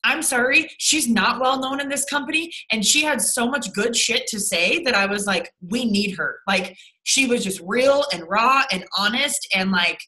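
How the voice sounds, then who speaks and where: A woman's voice: a little high, normal speed, hardly any pauses, bright, forceful tone, rough recording. A young woman leading her sales team over a video call, blunt and rambling, with lots of swearing and fillers.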